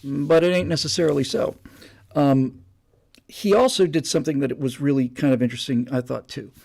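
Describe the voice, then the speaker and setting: A man hosting a live stream, telling an anecdote in a casual, animated way with many restarts. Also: medium pitch, fairly quick, creaky, husky. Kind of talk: casual storytelling monologue.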